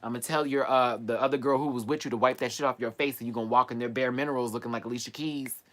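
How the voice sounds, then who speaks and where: A man hosting a casual live stream, telling stories in a sassy, animated way full of playful slang. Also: mid-range voice, quick pace. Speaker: livestream host. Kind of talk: casual livestream chat and storytelling.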